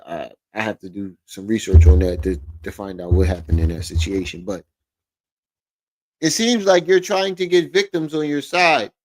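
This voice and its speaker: A man's voice: medium pitch, darkish tone, low-quality recording. A man hosting a stream, giving profane, sarcastic reaction commentary. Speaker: streamer host.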